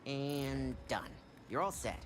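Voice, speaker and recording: A man's voice: medium pitch, lively intonation, slow pace, background noise. An actor playing a smug, self-assured male hacker contact in a video game. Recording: game audio with loud music behind. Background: game music.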